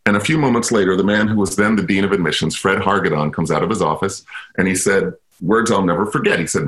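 A man's voice: sits low, fast, fairly bright tone. A man from Chicago, a guest on a radio interview, telling a personal story in a reflective, self-deprecating way. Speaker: guest, university inclusion officer.

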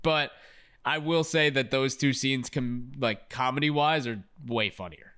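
A man's voice: mid-range voice, a little slow, a bit bright, clean tone. A man co-hosting a podcast in casual chat, quoting movie lines in playful voices and laughing often. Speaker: podcast co-host.

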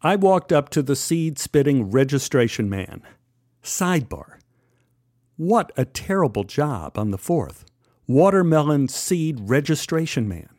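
A man's voice: fairly high pitch, sing-song, measured pace, a little mellow, dry recording. A man from Texas telling a personal story in a wry, conversational way with dry humor. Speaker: podcast storyteller.

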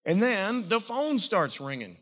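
Male pastor, high-ish forceful voice, emotional animated testimony sermon. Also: a little slow.

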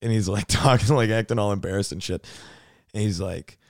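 Low-voiced laid-back male podcaster. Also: brisk, creaky, dry recording, studio quality. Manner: loose, laughing, retells anecdotes with voices. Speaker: podcast host. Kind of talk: casual chat.

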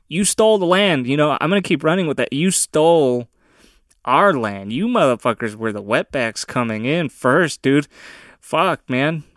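A young man of Mexican descent ranting casually on his own, profane and often laughing, with loud bursts of emphasis. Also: a little high, animated, unhurried, no room sound, clean studio sound. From of Mexican descent, USA. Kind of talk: casual solo rant.

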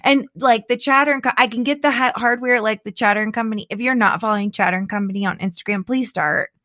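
A middle-aged woman in casual chat, animated and dramatic, laughing often. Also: on the high side, fast talker, no echo, clean studio sound.

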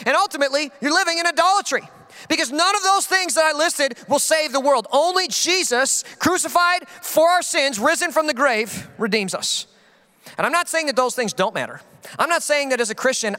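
A very high-voiced man preaching with passion, his tone bright and forceful. He is a pastor leaning hard into his points and acting out the voices he quotes. His sermon rings with the long reverb of a large hall.

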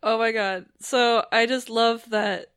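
A woman podcast host recapping a TV episode in casual chat, animated and laughing often. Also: fairly high pitch, takes it slowly, loud music behind the voice.

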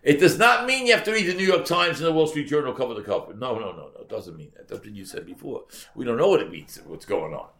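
An older man, a rabbi, telling a story in a sermon with animated, repetitive speech sprinkled with Yiddish and Hebrew words. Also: fairly low pitch, quick pace, few pauses. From United States.

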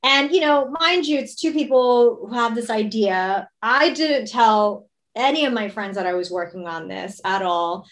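A woman's voice: a little high, a bit bright. A woman, chatting eagerly as a guest in an interview, with many fillers. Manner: fast, enthusiastic, lots of fillers. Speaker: co-founder guest. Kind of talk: casual interview chat.

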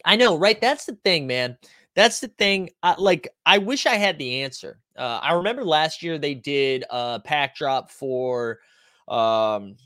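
A man's voice: a little high, expressive, a little slow, pushed and bright, dry recording, clean studio sound. A man hosting a casual stream, reading viewer comments aloud in a loose, conversational way, full of likes and ums. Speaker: stream host.

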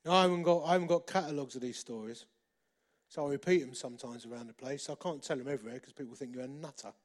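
A middle-aged man preaching a sermon, repeating phrases for emphasis and moving between loud and hushed delivery. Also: medium pitch, fast. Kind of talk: sermon with storytelling.

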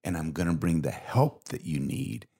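A man's voice: deep voice, lively intonation, normal speed, vocal fry, warm tone, breathy edge. A middle-aged man, co-host of a faith podcast, telling an earnest and emotional personal story.

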